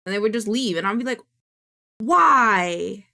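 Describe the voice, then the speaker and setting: A woman's voice: medium pitch, racing. A woman VTuber streamer in casual live-stream chat, chatty and swearing freely as she coos at her cat.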